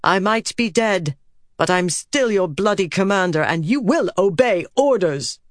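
A woman's voice: mid-range voice, expressive, measured pace, dry recording, studio quality, close to an everyday voice. A woman reading an audiobook, voicing a fierce, brash woman archer commander in a boisterous, commanding manner.

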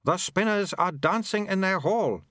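A man voicing a small babbling toddler abbot who talks in high baby talk, in an audiobook. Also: animated, moderate pace, a bit bright, no room sound, studio quality. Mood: babbling, serene. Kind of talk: audiobook character voice.

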